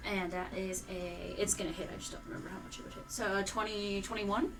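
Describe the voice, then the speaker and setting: Woman, tabletop player, mid-pitched voice, chatty, thinks aloud, music in the background. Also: fairly even intonation, quick pace, low-quality recording. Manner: chatty, thinks aloud while adding dice. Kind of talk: casual tabletop game play. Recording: clear music behind voice.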